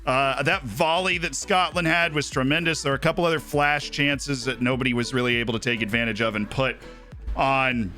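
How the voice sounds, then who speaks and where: On his live stream, a man meanders through casual football talk, leaning heavily on "right?" and "like." His medium-pitched voice stays steady yet pushed and bright, moving fairly quickly over faint background music.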